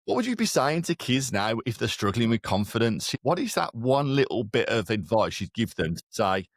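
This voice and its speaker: A man in his forties with a Birmingham accent who hosts a podcast, talking in an energetic, matey way. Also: mid-range voice, moderate pace, dry recording, studio quality. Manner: energetic and matey, with emphatic rises. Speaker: podcast host. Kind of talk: podcast conversation.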